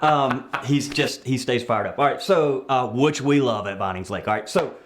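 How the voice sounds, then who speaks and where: A man hosts an interview for his church, casual and unhurried. He gropes for his question with fillers and restarts. His voice sits at an ordinary middle pitch. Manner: hesitant, many fillers and restarts while framing questions.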